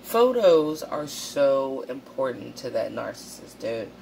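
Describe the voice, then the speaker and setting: A woman's voice: rumbling low, very animated, slow pace, vocal fry, warm tone, a little hiss or hum. A woman hosting a casual vlog, talking straight to her viewers. She is blunt and swears a lot, and she acts out quotes in a raised voice. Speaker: channel host.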